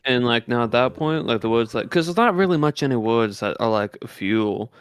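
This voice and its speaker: A male streamer chatting loosely on stream, full of fillers, now and then stretching words into a lazy put-on Southern drawl. His desk mic squeezes the sound flat, so he comes across fairly monotone. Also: medium pitch, moderate pace, smooth, dry recording. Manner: rambling, many fillers, explains things loosely. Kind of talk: casual stream chat. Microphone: desk microphone with built-in compression.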